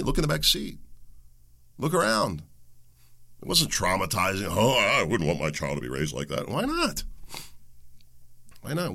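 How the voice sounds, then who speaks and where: A man's voice: medium pitch, sharp tone. A man hosting his own talk show, ranting in an angry opinion monologue and mocking the people he quotes. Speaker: podcast host.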